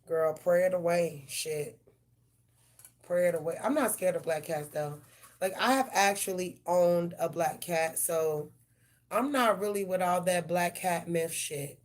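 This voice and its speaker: A woman hosting a live tarot stream, chatting casually with viewers in a loose, profane, slang-filled way. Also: on the low side. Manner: addresses viewers directly.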